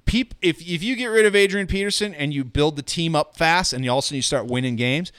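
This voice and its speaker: A male podcast host chatting casually about sports, his voice smooth and resonant. He talks with a lot of hesitation and false starts, close and dry on the mic. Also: fairly high pitch, fast, a bit bright, no room sound. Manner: hesitant, many restarts.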